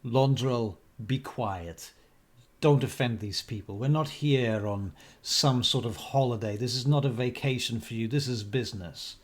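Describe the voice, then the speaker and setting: A man's voice: medium pitch, measured pace, lightly acted. A man voicing a stern woman who firmly scolds her travelling companion. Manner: firm, admonishing.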